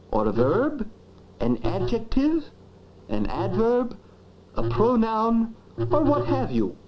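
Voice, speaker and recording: A woman's voice: medium pitch, a little hiss or hum. Woman voicing a pompous talking dictionary. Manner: fussy, grandiloquent, lecturing. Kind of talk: educational film acting. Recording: dull lo-fi old film sound.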